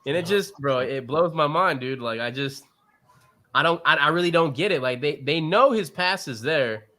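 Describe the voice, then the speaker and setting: A man's voice: on the high side, expressive, moderate pace, sharp tone. A young man co-hosting a podcast, chatting casually in political banter, laid-back and laughing along, full of "bro" and "like". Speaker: podcast co-host.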